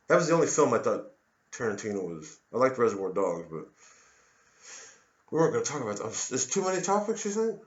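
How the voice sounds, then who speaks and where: A man's voice: mid-range voice, big pitch swings, fairly quick, long pauses. A male comedian delivering a rambling, sardonic satirical monologue full of digressions. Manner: sardonic, digressive, slips into voices. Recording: dull lo-fi audio.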